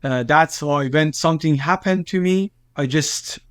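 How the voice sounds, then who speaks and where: High-voiced man with an Iranian accent. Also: smooth, no echo, clean studio sound. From Iran. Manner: halting non-native English with many fillers and restarts, agitated when quoting. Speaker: journalist, interview guest. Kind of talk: recounting events in an interview.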